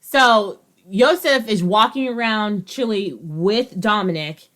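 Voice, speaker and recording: A woman's voice: mid-range voice, takes it slowly, a bit bright. A woman co-hosting a podcast, retelling a story in casual chat, acting out the quotes and swearing freely. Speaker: podcast co-host.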